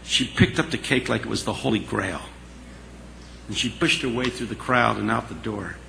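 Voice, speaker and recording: A man telling a story to an audience in an animated, dramatic way, in a hall with a long echo. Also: on the low side, normal speed, creaky. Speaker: speaker. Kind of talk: storytelling speech. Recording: long hall reverb, faint hiss.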